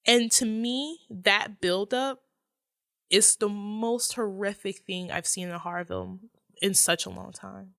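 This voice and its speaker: Podcast guest, woman, mid-pitched, dry close sound, animated and loose-tongued. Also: unhurried, vocal fry, no room sound. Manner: animated retelling, swears freely. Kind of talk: casual movie discussion.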